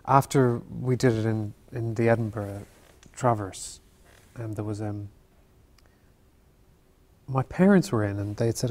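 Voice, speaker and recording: A man, an actor as interview guest, telling stories in a halting, thoughtful way and often circling back on his words. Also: lowish voice, a little mellow. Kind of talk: Q&A interview, reflective storytelling.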